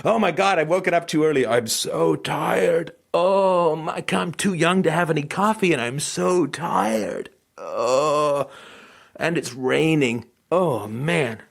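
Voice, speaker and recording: A man's voice: on the high side, slow pace, creaky, full character voice. A man putting on the voice of a whiny, bored young child, whining in a sing-song way.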